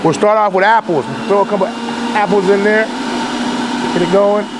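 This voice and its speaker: Loud juicer noise runs over the voice of a vlogger making fresh juice in a casual kitchen demo. He speaks to the camera at a moderate pace in a high voice with fairly even intonation, chatting with viewers as he goes.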